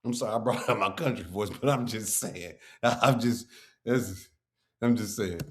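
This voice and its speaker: A man's voice: fairly low pitch, moderate pace, fairly bright tone. A man hosting a reaction video, ranting animatedly and profanely with frequent laughs. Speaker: host reacting to a clip. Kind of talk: casual reaction commentary.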